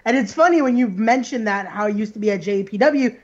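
A man's voice: high voice, fast talker, dull audio. A man co-hosting a wrestling podcast, speaking in a reflective, heartfelt way. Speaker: podcast co-host. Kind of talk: casual podcast chat.

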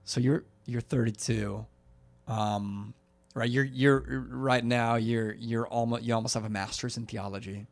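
A man's voice: medium pitch, fairly even intonation, unhurried. A man hosting a faith podcast, affirming his guest and telling family stories in a casual conversational way. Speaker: podcast host.

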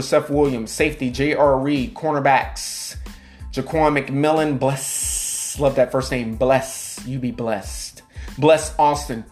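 A mid-range-voiced man hosts a casual sports podcast, reading player names and positions in a steady list. He stumbles over hard names with an "um" and tosses in quick asides.

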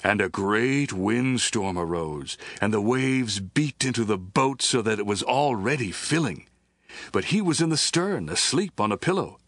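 A man doing a scripted Bible reading with a measured, even narration. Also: fairly low pitch, no room sound, studio quality. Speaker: scripture reader.

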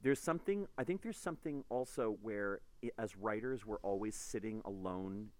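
A man, an author guest on a podcast, chatting casually and telling animated stories. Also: lowish voice, normal speed, no echo. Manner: animated storyteller, acts out quotes loudly.

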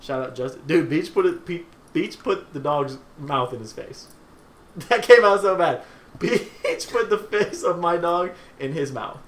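A man's voice: on the high side, lively intonation, a little slow. A young man with a slightly raised voice chatting and joking on a homemade podcast. He leans hard on "dude" and laughs often. He sounds a little distant, picked up by one desk mic several feet away in a small apartment. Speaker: podcast co-host. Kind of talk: casual chat. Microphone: one shared desk mic about three feet away.

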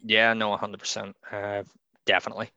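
A man's voice: fairly low pitch, monotone, brisk, creaky, sharp tone, clean tone, no room sound, dull audio. A man co-hosting a podcast, chatting casually with a rambling, opinionated manner and frequent laughs. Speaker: podcast co-host. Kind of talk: casual chat.

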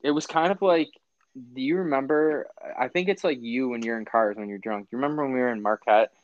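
A man's voice: medium pitch, a little fast, lo-fi sound. A young man hosting a casual chat, telling rambling stories with slang and frequent laughs. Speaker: podcast host.

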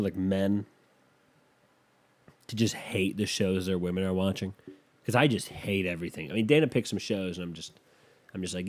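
A man's voice: deep voice, a little mellow. A man telling a rambling, self-deprecating story in casual chat, losing his thread and picking it back up.

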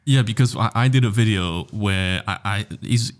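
A man's voice: lowish voice, moderate pace. A young man co-hosting a podcast in casual chat, joking and making self-mocking asides. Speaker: podcast co-host.

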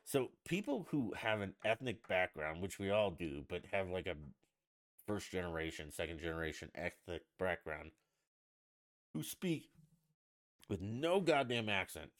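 A man's voice: deep voice, very animated, a little slow, a bit bright. Blunt, foul-mouthed man ranting. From United States. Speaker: podcast host. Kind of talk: casual solo podcast rant.

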